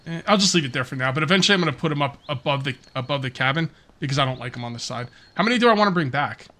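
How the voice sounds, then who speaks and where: A man's voice: a little high, expressive, very fast, sharp tone. A middle-aged man giving casual, rambling commentary while playing a survival game, thinking aloud and muttering to himself. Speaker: gaming video host.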